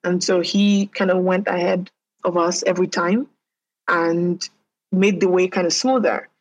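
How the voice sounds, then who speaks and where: A woman from Nigeria, an entrepreneur, speaking as a podcast guest in a measured, thoughtful way. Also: lowish voice, fairly even intonation, low-quality recording. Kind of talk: casual interview.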